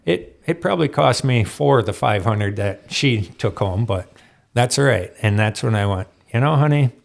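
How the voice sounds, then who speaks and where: A man telling racing stories as an interview guest in a studio, animated and laughing often as he acts out other people's lines. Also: on the low side, normal speed, vocal fry. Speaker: guest, off-road racer. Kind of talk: storytelling interview chat.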